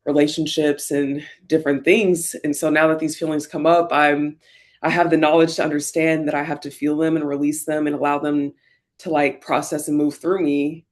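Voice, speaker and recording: A woman's voice: low voice, level tone, moderate pace. Woman, vlogger, candid reflective chat, frequent fillers, emotional, near tears at times. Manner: reflective, soft-spoken, many fillers. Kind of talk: candid get-ready-with-me talk.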